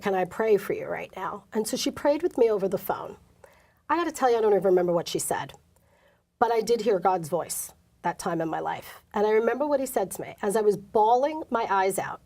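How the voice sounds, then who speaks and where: A woman's voice: medium pitch, a little mellow. A middle-aged woman, an interview guest, candidly telling an emotional personal story and acting out the quoted dialogue.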